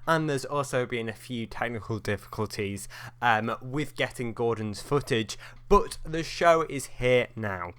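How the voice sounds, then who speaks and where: A young man hosting his own podcast with earnest, slightly halting questions. His voice is at a middle pitch and recorded dry and close. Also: fairly bright tone, clear, resonant tone, no room sound. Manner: earnest, halting, reads intro eagerly. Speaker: podcast host. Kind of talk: casual podcast interview.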